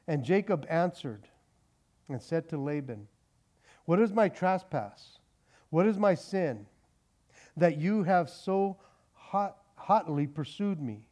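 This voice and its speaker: A man with a notably high voice teaches from scripture in a relaxed, animated sermon. He stumbles over and restarts phrases as he talks the passage through. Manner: animated, conversational, frequent restarts. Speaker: pastor. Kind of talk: expository sermon.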